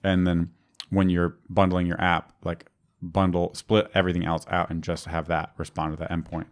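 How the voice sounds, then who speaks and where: A man with a low voice chats casually as a podcast co-host. He rambles through his points, leaning heavily on fillers and restarting sentences as he goes. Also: monotone, moderate pace. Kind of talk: casual technical chat.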